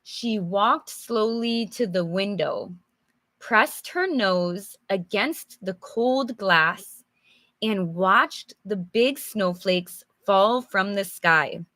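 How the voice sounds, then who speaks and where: A woman's voice: mid-range voice, drawn-out words, sharp tone, no echo. A woman teaching English from a storybook, chatty and encouraging, answering viewers by name and acting out examples with sighs and groans; her voice is a little worn. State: slightly losing her voice. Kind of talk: live English storybook lesson.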